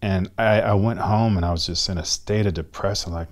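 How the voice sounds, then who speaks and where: A middle-aged man, a guest in an interview, telling his story with animated energy, acting out conversations and often repeating words as he restarts. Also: low voice, fairly quick. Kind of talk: candid storytelling in a long-form interview.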